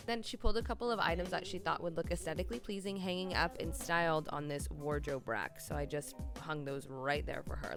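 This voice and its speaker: A young woman hosting a home makeover vlog, narrating casually and chattily with lots of fillers. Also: deep voice. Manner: chatty, filler-heavy, upbeat. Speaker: DIY vlog host and designer.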